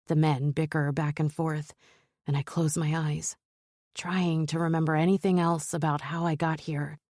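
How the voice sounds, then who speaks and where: A woman narrating a romance novel in first person, in a measured, steady storytelling manner. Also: low-pitched, no echo, studio quality. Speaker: audiobook narrator.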